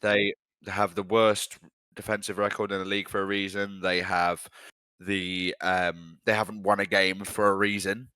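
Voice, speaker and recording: Blunt, sweary football fan. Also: male voice, sits low, little pitch movement, normal speed, sharp tone, clean tone, no room sound. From England. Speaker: podcast co-host. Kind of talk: casual football chat.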